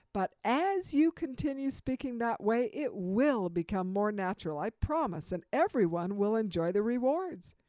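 A middle-aged woman giving an earnest instructional talk, slowing down to stress key points. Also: a little high, a little mellow, no echo. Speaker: communication speaker.

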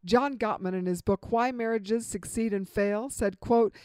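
A woman giving a spoken lecture on marriage advice, with an emphatic, expressive delivery and dramatic pauses. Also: medium pitch, clear, resonant tone, no room sound. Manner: acts out example dialogue in vivid voices. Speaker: marriage relationship speaker.

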